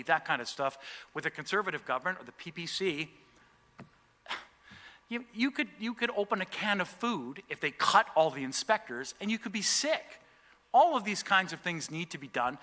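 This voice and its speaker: Brief: male candidate, forceful bright voice, blunt off-the-cuff rebuttal, echoing hall. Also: fairly high pitch. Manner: blunt and animated. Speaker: election candidate. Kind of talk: debate rebuttal. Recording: reverberant hall.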